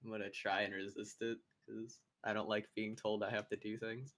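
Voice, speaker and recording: A man's voice: on the low side, flat delivery, moderate pace, fairly bright tone. A man playing a tabletop game, chatting casually in a joking, stammering way. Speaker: player.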